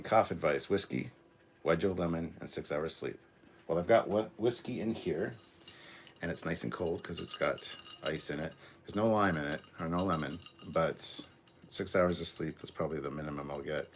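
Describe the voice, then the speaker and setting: A Canadian man in his forties hosts a loose live reaction stream in a deep, low voice. He rambles with plenty of ums, reads viewer chat aloud and keeps apologizing for a nagging cough. A faint hiss sits under the recording. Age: 40s. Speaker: livestream host.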